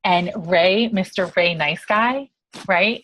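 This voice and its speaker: A woman in her thirties from New York, hosting a casual team call and telling stories in a brash, profane, animated way. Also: fairly low pitch, slow.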